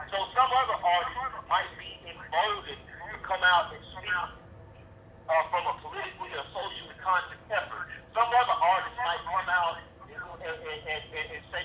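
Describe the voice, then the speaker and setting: A man's voice: sits high, moderate pace, reverberant, lo-fi sound, a little hiss or hum. A man speaking bluntly and heatedly as a panel guest, with a profane way of talking. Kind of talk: casual panel discussion.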